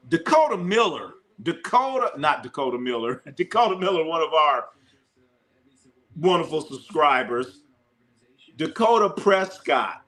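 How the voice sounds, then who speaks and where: Bright-voiced excitable sports stream host. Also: male voice, a little high. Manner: excitable, banters with chat, repeats himself. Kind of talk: live-stream sports talk.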